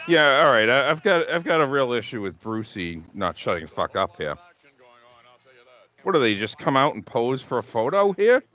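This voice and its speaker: A man's voice: mid-range voice, big pitch swings, normal speed, a bit bright, highs cut off. A man co-hosting a podcast in casual chat, joking, laughing often and swearing freely. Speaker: podcast co-host. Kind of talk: casual chat watching old wrestling.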